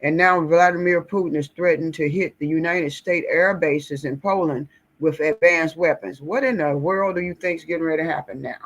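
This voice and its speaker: A woman's voice: deep voice, normal speed. A woman giving blunt, indignant, folksy political commentary in a casual talk. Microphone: screen-share recording.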